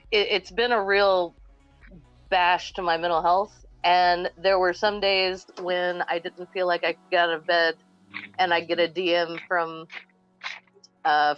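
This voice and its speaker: A woman's voice: on the low side, clean tone, dry recording, dull audio. A woman talking candidly and wryly on a casual group call, blunt and open.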